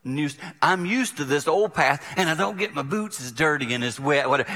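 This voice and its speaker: A man's voice: fairly high pitch, lively intonation, moderate pace, few pauses, pushed and bright. Middle-aged guy preaching, storytelling style, long hall reverb. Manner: storytelling, acting out quotes, conversational. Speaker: pastor. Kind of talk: sermon.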